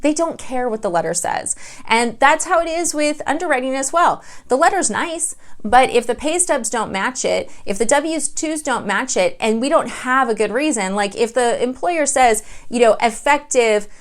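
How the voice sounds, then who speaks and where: A woman's voice: high-pitched, moderate pace. A middle-aged woman, a mortgage loan officer, explaining in a casual vlog and acting out little dialogues as she goes. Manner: animated storytelling, acts out dialogue.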